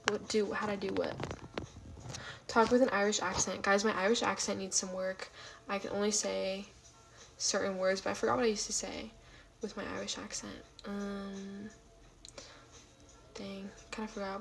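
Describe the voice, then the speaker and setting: A woman hosting a casual livestream from home, rambling with lots of fillers as she answers chat, now and then dropping into soft half-whispered asides. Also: mid-range voice, level tone, moderate pace, creaky, long pauses, low-quality recording. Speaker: livestream host. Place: at home late at night.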